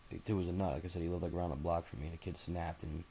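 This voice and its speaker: A man's voice: low-pitched, level tone, racing, dark tone, a little hiss or hum, rough recording. A man in his thirties telling his own life story in a rambling, profane, casual way, full of filler sounds. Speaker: autobiography narrator. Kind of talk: casual spoken memoir storytelling.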